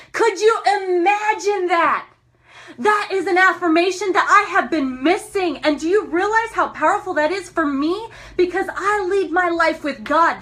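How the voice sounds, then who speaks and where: A young woman from Montana giving an energetic motivational talk on a live stream, laughing often and calling out to her viewers. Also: very high voice. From Montana, USA. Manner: enthusiastic, laughs often, talks to viewers as guys.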